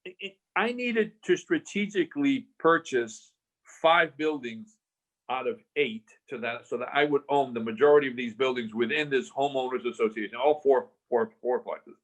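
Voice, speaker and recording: A man's voice: mid-range voice, moderate pace. A man in his sixties, a real estate investor guest, telling stories animatedly in a casual interview and acting out the dialogue. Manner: animated storyteller, acts out dialogue.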